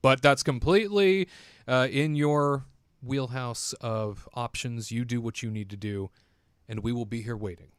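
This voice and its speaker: A man hosting a theme park news livestream, delivering an animated, showy hype-man intro with playful put-on voices. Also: mid-range voice, measured pace, smooth, no room sound.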